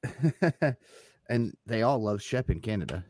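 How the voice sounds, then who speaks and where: A man's voice: medium pitch, very animated, a little slow, darkish tone, no echo. A man co-hosting a podcast, chatting casually and laughing often while looking things up. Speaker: podcast co-host. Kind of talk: casual chat about wrestling.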